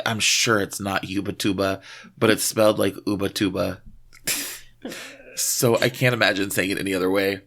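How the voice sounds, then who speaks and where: A man's voice: lowish voice, a bit bright. A man from small-town Texas, co-hosting a podcast in casual, profane, self-mocking chat. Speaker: podcast co-host.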